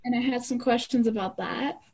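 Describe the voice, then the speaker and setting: A female student asks her teacher questions on a call, hesitant and casual. Her voice is fairly high, yet mellow and a little husky. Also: brisk, rough recording. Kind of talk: asking questions in an online class.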